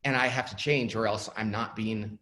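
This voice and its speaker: This middle-aged man is an author appearing as a guest speaker in a webinar interview. His voice is lowish and his pace normal. He's an animated storyteller who acts out the dialogue he quotes.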